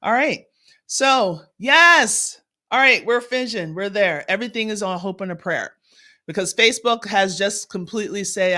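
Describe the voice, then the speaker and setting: A woman's voice: medium pitch, animated, moderate pace, bright, forceful tone. A woman math tutor hosting a casual livestream, chatting in an upbeat way, greeting viewers and laughing often.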